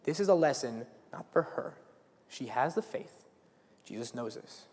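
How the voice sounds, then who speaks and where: A teenage boy preaching at a school week of prayer, talking earnestly and casually with plenty of restarts. His pitch moves a lot, rising and falling with the story, and a long reverb trails off the hall walls. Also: expressive, unhurried, darkish tone. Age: late teens. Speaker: student speaker. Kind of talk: youth sermon retelling a Bible story. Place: school chapel or hall, live.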